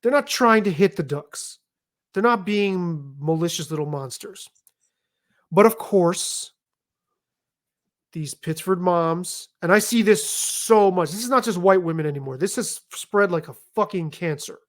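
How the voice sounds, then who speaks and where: Animated, profane male storyteller. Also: high voice, measured pace. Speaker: podcast guest. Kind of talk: casual storytelling chat.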